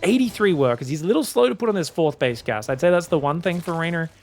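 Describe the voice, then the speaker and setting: Gravelly, excitable game caster man. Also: fairly high pitch, fast talker, soft background music. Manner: excitable, chatty, often addresses viewers as guys. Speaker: esports caster. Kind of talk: solo game commentary.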